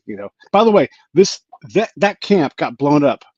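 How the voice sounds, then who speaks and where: A man's voice: normal speed, hardly any pauses, breathy edge, no echo, muffled recording. A man hosting a podcast, telling stories in casual chat and acting out the people in them. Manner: animated, acts out quoted people with big pitch jumps. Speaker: podcast host.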